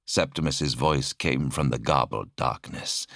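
A man narrating an audiobook in a dramatic, measured reading style. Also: low-pitched, big pitch swings, no echo, clean studio sound. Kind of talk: scripted narration.

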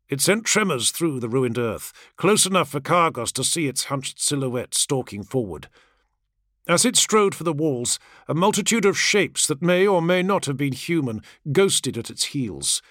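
A man narrating fiction as an audiobook in a measured, dramatic reading. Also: mid-range voice, big pitch swings, fairly bright tone, no echo, clean studio sound.

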